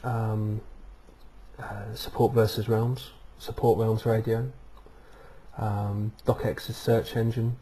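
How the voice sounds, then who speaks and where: Male vlog host, low and steady monotone, rambling, casual, webcam-miked. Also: takes it slowly, slight background noise. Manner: rambling, many ums and uhs. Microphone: webcam microphone.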